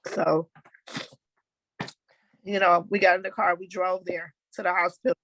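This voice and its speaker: A middle-aged woman with a Southern American accent, telling her own story in a halting, emotional personal testimony. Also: on the low side, fairly even intonation, dry recording.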